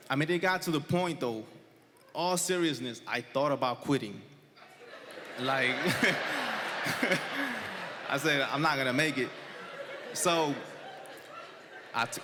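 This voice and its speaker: A man's voice: fairly high pitch, slow, pauses often. Man telling a story on stage. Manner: conversational, animated, laughs between lines. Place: theater stage before a live audience. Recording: live stage recording with long hall reverb.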